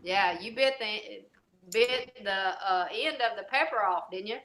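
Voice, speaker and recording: A woman's voice: mid-range voice, a little slow, fairly bright tone. A woman co-hosting a casual chat in a playful, teasing way. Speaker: co-host.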